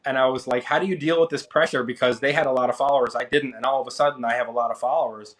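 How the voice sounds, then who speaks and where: A man in his thirties, an interview guest, telling his story in a casual, animated way and acting out what others said. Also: very fast. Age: 30s. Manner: animated, acts out quoted people with rising pitch. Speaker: interview guest, finance creator.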